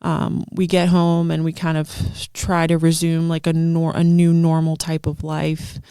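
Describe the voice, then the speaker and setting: A woman's voice: low voice, completely flat delivery, a little slow, mellow, clear, resonant tone, no echo, studio quality. A woman in her thirties, a guest telling a heartfelt personal testimony in conversation, earnest and full of fillers. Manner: earnest storytelling with frequent fillers.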